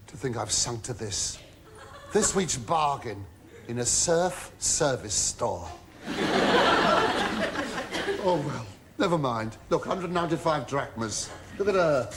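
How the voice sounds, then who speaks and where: A man's voice: medium pitch, expressive, unhurried, natural voice. A middle-aged actor playing a put-upon male household slave in a studio sitcom, full of camp, self-pitying asides and mock outrage. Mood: wry. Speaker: lead comic actor in a sitcom. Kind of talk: 1970s studio sitcom acting with audience asides. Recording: noisy old TV studio tape with audience laughter.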